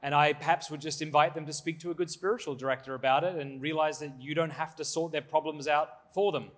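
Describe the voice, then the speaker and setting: A man's voice: a little high, steady tone, quick pace. A man giving a live conference talk and answering audience questions in a candid, joking, self-deprecating way. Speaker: conference speaker. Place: conference hall before an audience.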